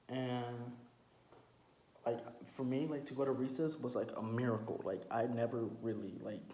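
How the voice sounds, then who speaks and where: A man's voice: medium pitch, warm tone. A young man telling a story casually while eating, slangy and profane, with many fillers. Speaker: mukbang storyteller. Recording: roomy echo, faint background noise.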